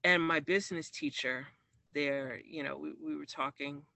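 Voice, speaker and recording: A man's voice: fairly high pitch, steady tone, normal speed, vocal fry, pushed and bright, no room sound. A man from Maryland telling a personal story in an interview, reflective, with restarts and acted-out quoted dialogue. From Maryland, USA.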